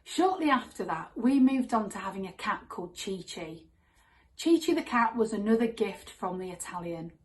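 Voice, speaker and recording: A woman telling a comic true story on stage in a wry, deadpan manner. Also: medium pitch, moderate pace, low-quality recording.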